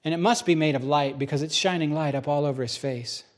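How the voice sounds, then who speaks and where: Animated male pastor preaching a sermon. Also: a little high, fast talker. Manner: animated storytelling, acting out both sides of a dialogue; drops to a hushed, soft voice for solemn moments.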